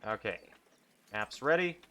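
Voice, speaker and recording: A man's voice: fairly low pitch, lively intonation, measured pace, a bit bright, slight background noise. A man narrating a solo tabletop game on stream, thinking aloud and chatting in a self-amused way. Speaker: solo game master and player.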